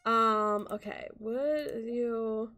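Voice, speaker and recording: A woman hosting a casual gaming stream, chatty, with quick bursts of excitement. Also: fairly high pitch. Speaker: streamer and channel host.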